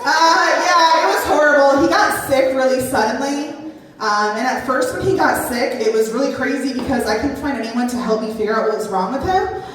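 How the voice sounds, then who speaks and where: A woman whose voice sits high does stand-up at a live brewery show, talking fairly quickly far from the mic. She rambles in a self-deprecating way with many fillers; the hall echoes, the crowd is loud, and the audience laughs in the background.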